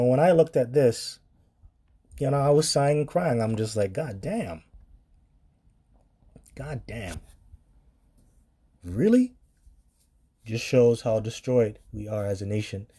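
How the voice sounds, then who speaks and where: A man's voice: mid-range voice, moderate pace, dark tone. A man preaching on scripture in a blunt, profane commentary style, reading verses aloud and reacting to them.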